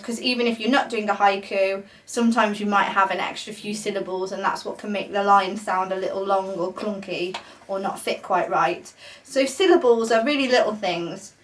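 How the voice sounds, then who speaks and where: A woman's voice: mid-range voice, a bit bright, recorded from a distance. A young adult woman leading a beginner poetry workshop, explaining patiently with many ums. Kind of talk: casual beginner lesson. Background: guinea pigs chewing.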